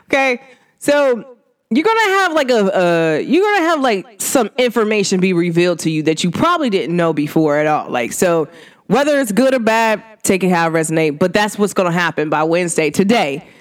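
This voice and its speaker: This spiritual reader gives a casual energy reading to viewers, her pitch swooping in a lively way. She's chatty and animated, speaks right to her listeners, and fills the gaps between thoughts with hums and long "mm" sounds.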